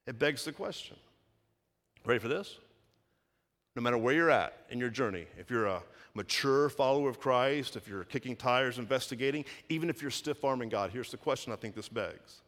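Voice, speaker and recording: A man preaching a sermon as pastor, animated, acting out quoted voices and swinging between loud and soft. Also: mid-range voice, fairly quick. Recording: long reverb of a large hall.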